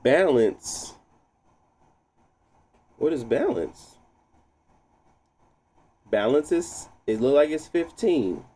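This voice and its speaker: Guy on a gaming stream talking to himself while tweaking settings, laughs a lot, mellow voice that swings up and down. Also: a little high, lively intonation, very slow, long pauses, slightly rough. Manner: thinks out loud, laughs often. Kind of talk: casual live tinkering chat.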